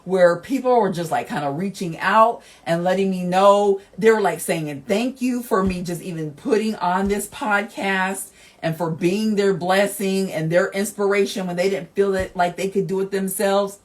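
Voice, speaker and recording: A woman's voice: medium pitch, normal speed. A woman hosting a motivational podcast, speaking straight to her listeners in an encouraging, heartfelt way. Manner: emotional, laughing through tears. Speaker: podcast host.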